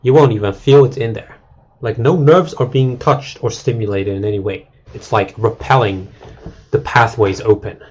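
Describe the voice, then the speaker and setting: A man's voice: fairly low pitch, steady tone, moderate pace, a little mellow, breathy edge, dull audio. A male game streamer in a casual, crude and rambling rant to his chat, mocking and full of fillers.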